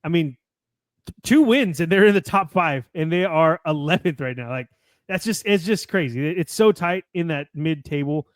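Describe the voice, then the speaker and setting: A man's voice: on the high side, lively intonation, moderate pace, no room sound, clean studio sound. Chatty American man, rambling podcast host. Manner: chatty, rambling, laughs often. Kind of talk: casual soccer podcast chat.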